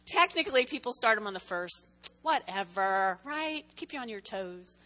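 A woman's voice: mid-range voice, expressive, moderate pace, sharp tone, in a large hall. A woman from New Jersey preaching a chatty, playful sermon to her congregation. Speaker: pastor.

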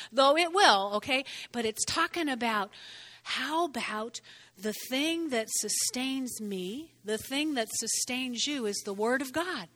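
An older woman preaching a sermon in an animated way, often checking in with "okay?" and "all right?". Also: a little high. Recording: reverberant hall.

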